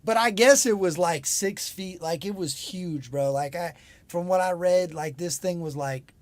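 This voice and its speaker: A man with a notably high speaking voice, joining a livestream as guest co-host. His talk is easygoing banter, heavy on slang, and he drops a casual "bro" into his lines. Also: a little slow, dry recording. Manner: laid-back slangy banter, calls people bro and dog.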